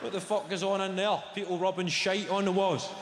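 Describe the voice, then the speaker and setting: Live on stage in a big theatre, a Scottish man delivers a stand-up routine full of crowd work, teasing the audience in a sardonic, sweary way. He speaks a little fast in a high-pitched, level tone, amid heavy background noise, hall echo, and loud laughter.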